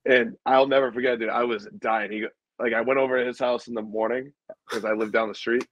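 A man who is a guest musician, telling stories in a relaxed, casual way with lots of fillers. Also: medium pitch, brisk, muffled recording, slight background noise. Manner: relaxed storyteller, many fillers. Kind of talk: casual chat.

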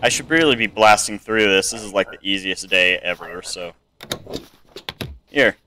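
Casual let's-play commentary from a young male streamer: his voice sits on the low side with lively intonation, a bright, forceful tone and moderate pace. He's mumbly and hesitant, full of ums, sometimes jumping into panicked "no-no-no"s. The desk mic and webcam give a rough recording with slight background noise.

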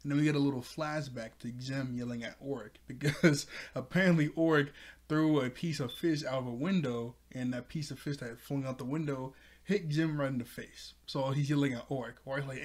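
A man hosting a casual episode recap, excitable and quick to laugh as he retells scenes. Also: medium pitch. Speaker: show reviewer.

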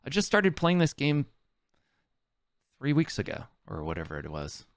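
A man's voice: mid-range voice, wildly swooping pitch, moderate pace, no room sound, studio quality. A man giving casual commentary on his own gaming, exasperated and self-mocking, with frequent swearing. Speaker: game streamer.

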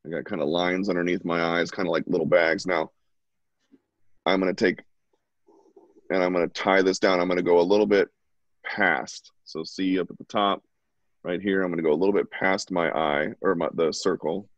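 A man's voice: sits low, steady tone, moderate pace, dry recording. A man at home giving a casual, chatty live drawing lesson and talking while he sketches. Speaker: drawing instructor. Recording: dull lo-fi, dry sound.

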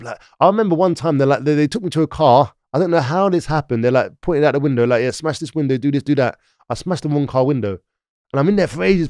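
A man's voice: medium pitch, a little mellow, clean tone, dry recording, clean studio sound. A man from London with a London accent, a podcast guest telling rambling stories full of "like" and "yeah?". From London, England. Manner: rambling, frequent "like" and "yeah?" tag questions. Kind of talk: casual storytelling interview.

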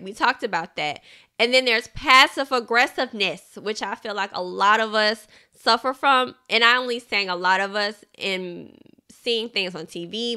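Woman, podcast host, bright tone, smooth clear voice, casual chatty book talk. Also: medium pitch. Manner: chatty, animated, laughs often, addresses listeners as y'all.

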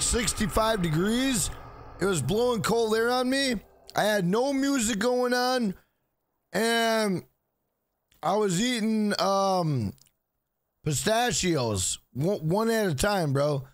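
A man streaming a game live, exhausted and mumbling, with lines that trail off low and get repeated over and over. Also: lively intonation, takes it slowly. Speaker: gaming streamer. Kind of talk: casual live-stream chat.

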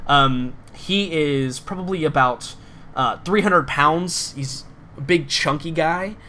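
A man's voice: fairly high pitch, slow, bright, forceful tone. Male GM, casual rambling narration, filler-heavy, faint room noise. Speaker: game master. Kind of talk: narrating a tabletop game.

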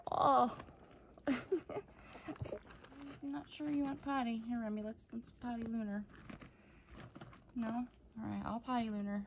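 A woman with a slightly high, gravelly voice coos sing-song baby talk to her puppies in slow, unhurried phrases. Her words often sink to a soft whisper. Clear household noise and little dog sounds run behind her. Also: fairly even intonation. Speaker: dog breeder. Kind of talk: casual vlog talking to puppies. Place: home bedroom.

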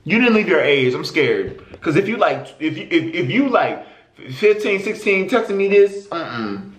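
A man reading out viewer confessions in a casual reaction vlog, blunt and profane, jumping between squealed outbursts and low mutters. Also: big pitch swings, a little slow, roomy sound.

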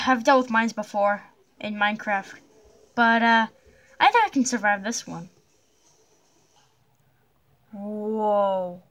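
A woman voicing a jumpy young blocky hero in a cartoon adventure, hesitant, with many nervous pauses and yelps. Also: a little high, a bit bright.

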